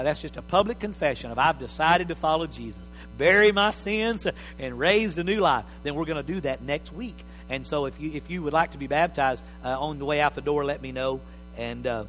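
A man preaching a sermon as pastor, emphatic, swinging from loud bursts to quiet asides. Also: fairly high pitch. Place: church hall. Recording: reverberant hall with faint mains hum.

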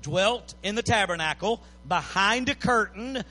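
High, bright-voiced preacher. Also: male voice, animated, measured pace, faint music behind. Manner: impassioned, rising to shouts, with repeated pleading phrases. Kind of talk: sermon.

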